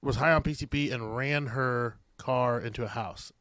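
A man hosting a casual podcast, telling stories in an animated, profane way and laughing as he goes. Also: medium pitch, moderate pace, smooth, dry recording, studio quality.

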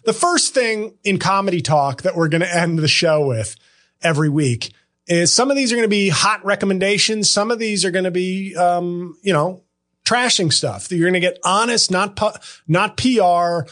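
Guy doing sardonic comedy podcast rants, a bit high voiced. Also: moderate pace, fairly bright tone. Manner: sarcastic, rambling, bursts into impressions.

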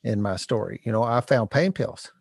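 A man hosting a podcast interview, agreeing quickly and sharing his own recovery story. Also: medium pitch, vocal fry, breathy edge, no echo, clean studio sound. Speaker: podcast host. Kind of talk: conversational interview.

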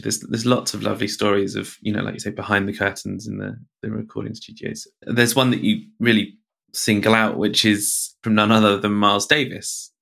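Interviewer: man, low gravelly voice with a bright edge, meandering questions. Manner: rambling, searching questions with hesitations.

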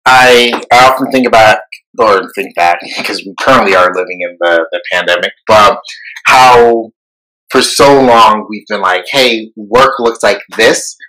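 A man co-hosting a podcast, talking casually and animatedly, jumping up in pitch for emphasis. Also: unhurried, pushed and bright, rough recording. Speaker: podcast co-host. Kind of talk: casual conversation.

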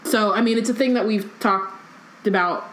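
A woman's voice: medium pitch, moderate pace, a bit bright, reverberant, a little hiss or hum, poor audio. A woman co-hosting a podcast, reading a book aloud and chatting casually, with many fillers like "um" and "like".

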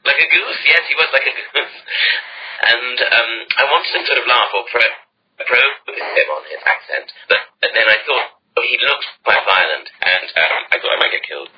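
A man's voice: expressive, moderate pace. A man chatting casually and self-mockingly with his co-host over a video call. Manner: chatty, self-mocking, trails into lower mutters. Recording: slightly dull call audio with faint noise.

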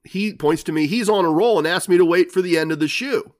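A man's voice: high-pitched, fairly quick. Wry older man telling a casino story. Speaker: podcast host. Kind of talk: storytelling podcast monologue.

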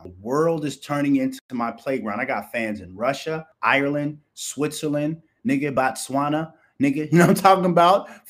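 Brash, boastful livestream host man. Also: mid-range voice. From Minnesota. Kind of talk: profane livestream rant.

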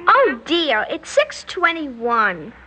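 A woman playing an eerie, polite little girl who is calmly menacing, in old-time radio drama style. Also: high voice, over music, full character voice, poor audio. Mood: calmly sinister. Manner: sweet, prim and unhurried, chillingly calm. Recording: old radio broadcast, faint background hiss.

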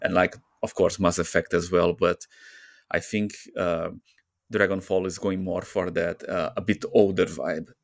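A man's voice: low voice, fairly even intonation, unhurried, creaky, no room sound, clean studio sound. A man chatting on a podcast, giving recommendations with lots of hesitant fillers. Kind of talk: casual podcast chat.

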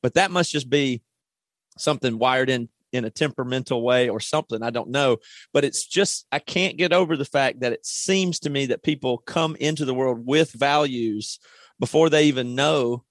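A man's voice: mid-range voice, moderate pace, no echo. A man hosting a podcast, musing aloud with enthusiasm as he frames questions. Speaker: podcast host. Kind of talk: conversational interview.

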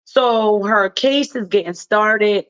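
A woman's voice: mid-range voice, slow, a bit bright, clean tone, highs cut off. Chatty Baltimore woman radio host. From Baltimore, Maryland, USA. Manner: chatty, laughs often, loose slangy phrasing. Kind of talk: casual talk radio commentary.

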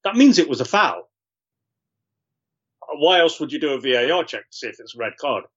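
A man's voice: a little high, sing-song, a little fast, breathy edge, muffled recording. A man, a podcast guest, chatting casually about football and pressing his point insistently.

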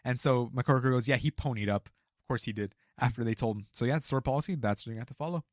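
Young man, rapid retail war story, animated with quotes, dry close sound. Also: mid-range voice, no echo. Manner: animated, acts out quotes, swears freely. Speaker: retail store employee telling a work story. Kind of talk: casual storytelling chat.

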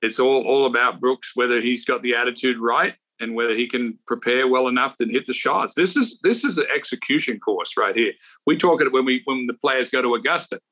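A man's voice: mid-range voice, a little fast, bright, forceful tone, lo-fi sound. A middle-aged man, a golf analyst and former champion, chatting casually and telling rambling anecdotes. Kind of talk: casual podcast chat.

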